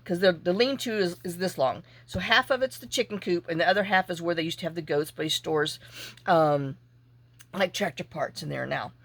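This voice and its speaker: A woman telling a rambling, animated story in a casual vlog while she works on a craft project. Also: fairly low pitch, fairly quick. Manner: animated, chatty, acts out her own reactions. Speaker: junk journal crafter.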